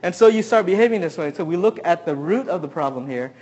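A man preaching a sermon, who keeps asking the congregation questions and swings between loud emphasis and quiet asides. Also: high-pitched, lively intonation, fast, highs cut off. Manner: asks the audience many questions. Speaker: pastor.

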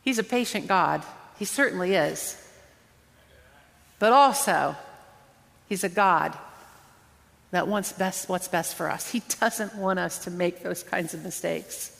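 A woman's voice: fairly low pitch, slow, gravelly, long pauses, fairly bright tone. A woman preacher delivering a conversational, earnest sermon, drawing out words for emphasis. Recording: long hall reverb.

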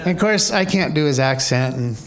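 A man's voice: a little high, expressive, brisk, a crowd in the background. A man preaching a sermon as pastor, conversational and wry, full of rhetorical questions.

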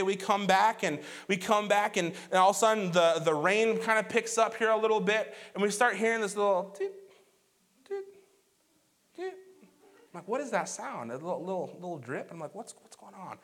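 Pastor, male, thirties, higher voice, chatty storytelling sermon that swings loud to hushed. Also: expressive, fairly quick.

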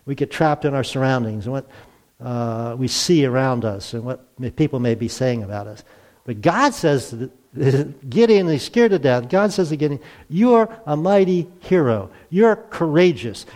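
A man's voice: mid-range voice, normal speed, a little mellow. A male pastor preaching a sermon in a conversational way, asking rhetorical questions. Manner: conversational, asks rhetorical questions, acts out quotes.

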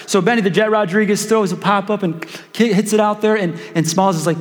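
A male pastor with a high voice delivers an animated, joking sermon. He calls out for the congregation to answer back. His voice rings through the long reverb of a church hall. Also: a little fast. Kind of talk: preaching a sermon.

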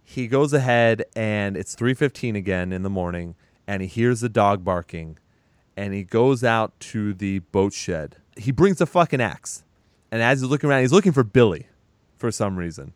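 A man casually retelling a horror movie's plot as a podcast co-host, animated and profane, acting out bits of dialogue. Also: fairly low pitch, normal speed, no echo. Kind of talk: casual movie recap chat.

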